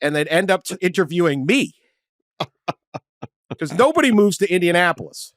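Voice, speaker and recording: A man's voice: high-pitched, sing-song, normal speed, no echo. Chatty self-deprecating man, dry close sound. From Boston area, Massachusetts. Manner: self-deprecating, rambling storyteller who laughs often. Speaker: podcast co-host. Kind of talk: casual chat.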